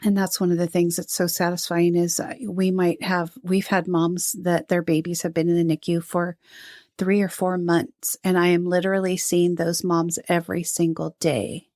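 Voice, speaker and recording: A woman's voice: lowish voice, little pitch movement, normal speed, darkish tone, no echo, studio quality. An older woman, a retired nurse, talking earnestly in a podcast interview and telling stories from her work. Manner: earnest, storytelling, mimics moms she quotes. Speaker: guest, retired NICU nurse and lactation counselor.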